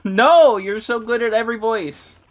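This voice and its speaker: A woman's voice: on the high side, moderate pace. A woman streamer chatting casually while gaming, fumbling for words and giggling often.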